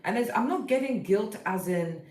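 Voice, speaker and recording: A woman with a morning-rough voice giving a casual tarot card reading, chatty and thinking aloud as she turns the cards. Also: mid-range voice, expressive, normal speed, a little mellow, roomy sound. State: early-morning voice. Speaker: tarot reader.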